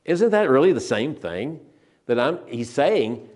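An older man preaches with earnest emphasis, slowing down to stress scripture and frequently repeating or restarting phrases. His voice is medium-pitched and darkish, with a sing-song lilt.

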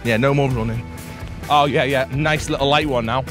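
A man's voice: medium pitch, fairly even intonation, moderate pace, music in the background. An English man fishing outdoors in a challenge, overheated and out of breath, complaining with wry humor. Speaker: angler and co-host. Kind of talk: banter while fishing outdoors.

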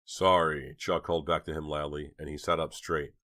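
A man narrating an audiobook in a measured storytelling manner. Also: rumbling low, little pitch movement, fairly bright tone. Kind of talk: scripted narration.

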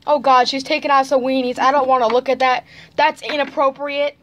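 A woman's voice: high voice, steady tone, fairly quick. A teenage girl in chaotic casual chat with her sister, giggly and teasing, stalling with lots of filler sounds. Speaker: channel owner.

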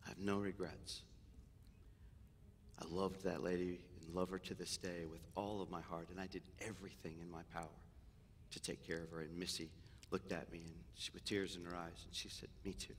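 A man, a senior pastor, preaching a sermon in a church, telling stories with humor and moving between loud animated bursts and hushed, tender moments. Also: sits low, slight background noise. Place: church sanctuary. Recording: long hall reverb in a church.

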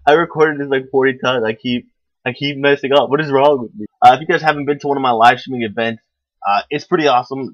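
A man's voice: medium pitch, quick pace, no echo. Young man, gaming channel host, joking rambly promo, dull dry home mic. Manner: upbeat, rambling, self-mocking with filler and restarts. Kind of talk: casual joking promo for a livestream.

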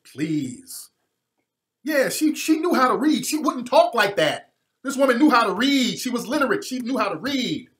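A man's voice: very high voice, lively intonation, a little fast, fairly bright tone. A man giving a heated commentary rant, emphatic and repetitive, with frequent swearing. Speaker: online commentator.

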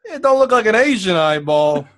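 A man's voice: high voice, very animated, normal speed, fairly bright tone. A man putting on a stereotypical Italian accent to comically dub a crude, brash middle-aged tough guy in a movie. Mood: brash, rowdy. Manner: profane, brash, laughing through lines.

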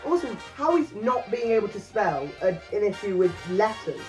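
A man's voice: sits high, normal speed. Sarcastic man chatting over music. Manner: sarcastic, deadpan jokey remarks. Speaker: co-host. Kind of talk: casual chat while browsing a shopping site.

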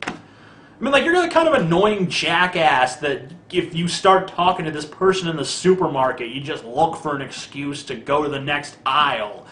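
A man's voice: on the high side, lively intonation, moderate pace, a bit bright, roomy sound. A man ranting in a video commentary, sarcastic, profane and mocking. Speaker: vlogger.

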